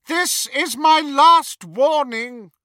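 A reader voicing a cold, menacing male dark wizard who barks slow harsh commands. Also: high-pitched, no echo, studio quality, voice pushed up, heavily acted.

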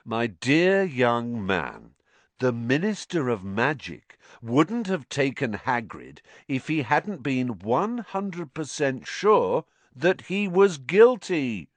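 A man voicing a pompous, self-satisfied adult male teacher who talks slowly and condescendingly in an audiobook reading. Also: mid-range voice, sing-song, dry recording, voice pushed up. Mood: smug, patronizing. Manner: slow, condescending, overly cheerful. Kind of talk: audiobook character voice.

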